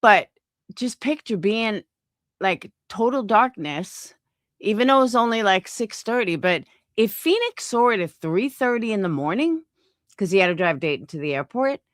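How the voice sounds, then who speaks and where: A woman's voice: mid-range voice, very animated, normal speed, dry recording, clean studio sound. A middle-aged woman hosting a livestream, telling a story in casual chat and swearing a lot. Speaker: livestream host.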